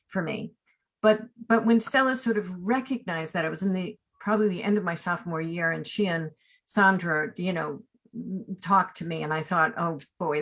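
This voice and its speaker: A woman in her sixties, a casting director being interviewed, who tells personal stories in an animated, rambling way full of asides and tag questions. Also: fairly low pitch. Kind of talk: remote interview, personal storytelling.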